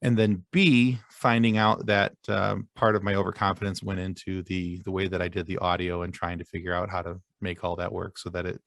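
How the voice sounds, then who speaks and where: Low, gravelly man telling stories. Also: little pitch movement, fairly bright tone, dry recording, clean studio sound. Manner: halting, many fillers and restarts, self-deprecating. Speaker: podcast guest. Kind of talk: casual podcast chat.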